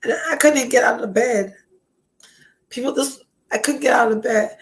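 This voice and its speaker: A stuffed-up, sick woman with a high voice talks casually to her podcast listeners. She is blunt and swears freely, and her nasal speech often drops to a tearful whisper. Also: a little fast, poor audio. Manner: emotional, breaks into tears and whispers. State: sick and congested. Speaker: podcast host. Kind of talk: casual chat.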